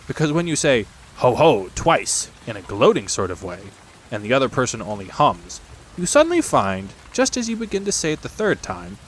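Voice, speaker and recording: A man voicing a gentle, simple-minded male teddy bear who talks mildly and earnestly. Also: mid-range voice, wildly swooping pitch, normal speed, a little hiss or hum, poor audio.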